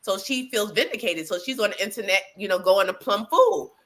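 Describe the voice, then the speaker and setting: Gossip show co-host, woman, bright tone, chatty and profane, full of fillers. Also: mid-range voice, a little fast. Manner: animated, profane storytelling with many fillers. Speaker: podcast co-host. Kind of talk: casual gossip chat.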